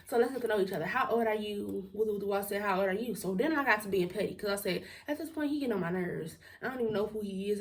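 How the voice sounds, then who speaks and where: A woman's voice: medium pitch, recorded from a distance. A young woman telling a storytime to her viewers in a casual, blunt, outspoken way, laughing and swearing as she goes. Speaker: storytime vlogger.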